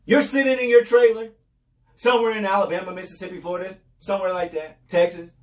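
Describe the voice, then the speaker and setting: A man's voice: sits high, steady tone, fast, roomy sound, recorded from a distance. A man hosting a podcast, giving casual commentary in a loose, repetitive way with sarcastic asides. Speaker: podcast host.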